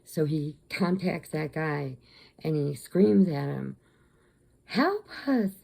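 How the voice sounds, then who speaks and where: Low gravelly-voiced woman vlogger. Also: takes it slowly, mellow. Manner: rambling, chatty retelling with restarts. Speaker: crochet vlogger. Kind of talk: casual storytelling to camera.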